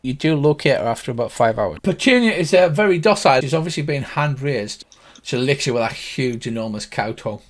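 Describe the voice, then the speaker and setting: A man's voice: medium pitch, lively intonation, a little fast. An older man, narrating casually as the game master of a tabletop game. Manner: casual storytelling with restarts.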